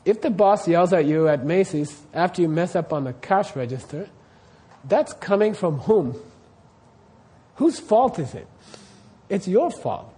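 A man's voice: high-pitched, animated, unhurried, mellow. A man teaching Buddhist practice to a class, putting questions to the students and often checking that they follow. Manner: quizzes the class, keeps checking "you see what I mean?".

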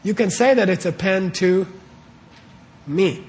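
A man's voice: sits high, takes it slowly, a little hiss or hum. A man giving a casual Buddhist teaching to a live audience. He talks conversationally, often asks the audience questions and checks in with them with "okay?" and "right?". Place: warm room with a live audience.

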